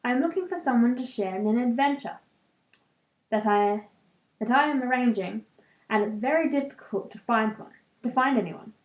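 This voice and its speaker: A wry, persistent old wizard who will not be brushed off, read aloud by a woman. The voice sits a touch lower than her own and trips over a word now and then. It comes through thin and phone-like, in a roomy, echoing space. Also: moderate pace, lightly acted.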